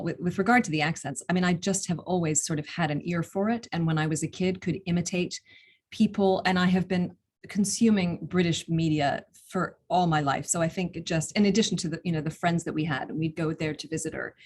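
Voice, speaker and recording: A young American woman with a notably low voice talks through her craft in an easy, conversational interview. She explains things step by step, pausing now and then to restart a thought. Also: slight background noise. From United States. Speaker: audiobook narrator and actor. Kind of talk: casual interview answers.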